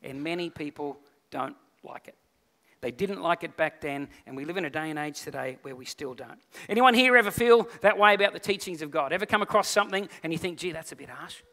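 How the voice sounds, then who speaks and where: Man, middle-aged, pastor, animated sermon, voices Bible characters. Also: a little high. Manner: animated, acts out Bible figures in quick voices.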